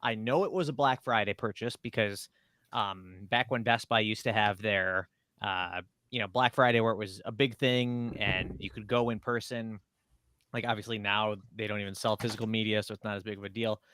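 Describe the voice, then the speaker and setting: A man's voice: lowish voice, fairly even intonation, normal speed, pushed and bright, clear, resonant tone, no room sound, clean studio sound. Laid-back, rambling male co-host. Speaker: podcast co-host. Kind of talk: casual podcast chat.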